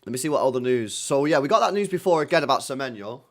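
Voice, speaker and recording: Guy on a footy watchalong stream, blunt and slangy, swears a lot, middle pitch voice. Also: expressive, very fast. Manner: blunt, slangy, swears freely, reacts to play. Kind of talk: live match reaction stream.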